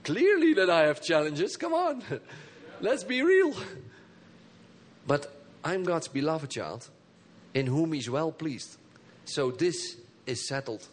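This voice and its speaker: Man pastor w a high voice preaching, gets the crowd to say stuff back, goes soft then loud. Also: very animated, slow, a little hiss or hum. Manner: engages the congregation with call and response; emphatic, swings between soft low phrases and high bursts. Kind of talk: sermon.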